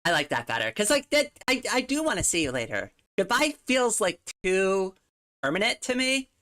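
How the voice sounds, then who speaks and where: A woman's voice: mid-range voice, big pitch swings, normal speed, a bit bright. A woman streamer chatting casually at home on a desktop mic, rambling with lots of fillers and frequent giggles. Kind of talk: casual livestream chat.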